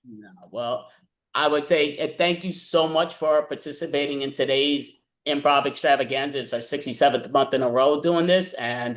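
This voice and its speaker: A man's voice: mid-range voice, fairly bright tone. A man hosting an online comedy show over a video call, easygoing and chatty. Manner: easygoing, chatty, laughs often. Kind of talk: casual interview chat.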